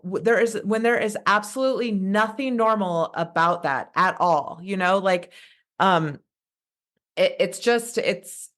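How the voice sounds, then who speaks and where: As a podcast guest, a woman in her thirties talks with fiery passion in casual conversation, rambling and restarting sentences often. Her voice is mid-range and a bit bright.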